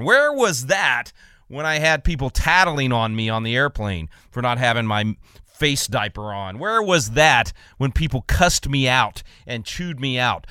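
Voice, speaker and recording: A man from Texas hosting a talk radio show, talking fast and emphatically with frequent repeated words. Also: mid-range voice, very animated, bright, forceful tone, clean tone, no echo, studio quality.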